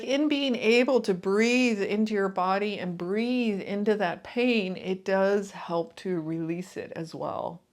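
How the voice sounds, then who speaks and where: A woman coach talks to her viewers in a soft, soothing way. She takes her time, with a lot of space between her words, and her voice sits at an ordinary middle pitch. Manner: soft, soothing, unhurried delivery. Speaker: intuitive and transformational coach. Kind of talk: calm guided talk to camera.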